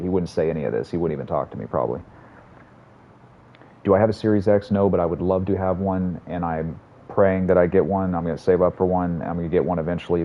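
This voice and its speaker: A man streaming a game, chatting casually and telling stories in a rambling, profane way. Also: low voice. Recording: slightly muffled audio, faint room hum.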